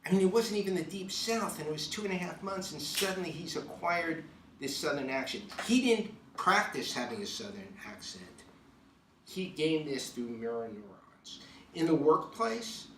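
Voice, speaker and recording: A man from New York speaks to the camera about leadership in an emphatic storytelling manner, leaning hard on key words. His voice sits a little high for a man and sounds a bit distant from the mic. The room around him is echoey, with a faint hiss underneath. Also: expressive, moderate pace, a bit bright. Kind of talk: motivational talk to camera.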